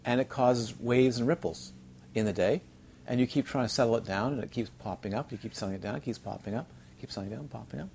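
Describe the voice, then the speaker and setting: A man's voice: mid-range voice, quick pace, gravelly, darkish tone, slight background noise. A man teaching as a Buddhist teacher during a retreat, chatty and checking in with his listeners as he tells funny stories. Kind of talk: Dharma talk on a retreat. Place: retreat centre.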